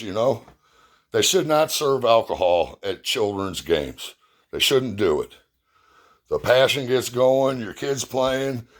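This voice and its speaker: A middle-aged man casually telling a personal story in a blunt, plainspoken way, cursing freely. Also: medium pitch. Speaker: youth baseball parent and assistant coach.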